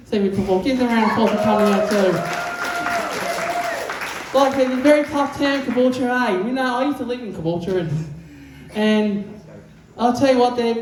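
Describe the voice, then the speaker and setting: A man doing a crude, rambling open mic stand-up set in a comedy room. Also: high-pitched. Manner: crude, rambling, mimics sounds. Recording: very echoey room, faint background noise.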